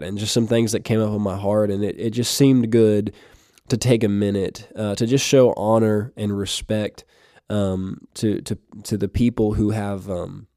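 A man giving a short devotional podcast talk, halting with fillers and restarts, reading scripture aloud. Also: on the low side, dark tone, no echo, studio quality. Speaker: podcast preacher.

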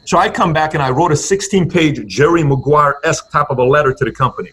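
This man's voice is a little high, a bit bright, and breathy, and he speaks quickly. As a guest on a podcast he tells his own story with emphasis, giving other people's words varied tones as he acts them out.

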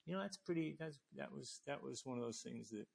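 An older man, a retired admiral, telling a story in conversation, acting out the people he quotes with sudden rises in pitch. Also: lively intonation, a little fast, gravelly, slightly rough.

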